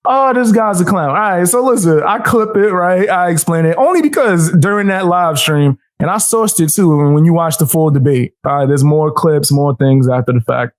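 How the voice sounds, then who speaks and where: Male streamer, mocking reaction commentary, slightly high voice. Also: normal speed, few pauses. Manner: mocking, trash-talking. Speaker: streamer reacting to a debate clip.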